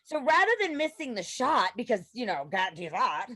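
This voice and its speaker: A woman guest on a podcast, telling a story in a casual, animated way and laughing often. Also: a little high, a little fast, husky, dry recording.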